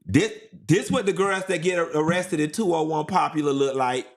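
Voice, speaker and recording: Man, live stream host, sassy, animated, repetitive gossip commentary, slightly high voice. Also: normal speed. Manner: sassy, animated, repeating for emphasis. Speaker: livestream host.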